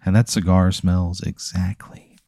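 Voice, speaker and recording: Deadpan man spinning an absurd story. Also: low-pitched, unhurried, no echo. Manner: deadpan, escalating absurd narration with acted-out quotes. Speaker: podcast host. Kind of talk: improvised comedic storytelling.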